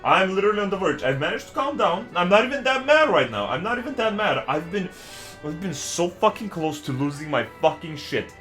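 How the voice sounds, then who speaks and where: A man streams from his desk at home and rants to his chat, swearing at every turn and breaking into loud outbursts. His voice sits a little high with a bright, forceful edge. Faint music plays behind him. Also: very animated. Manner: profane, swears constantly; agitated, fast ranting with loud outbursts. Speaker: game streamer. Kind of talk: casual live-stream rant to chat.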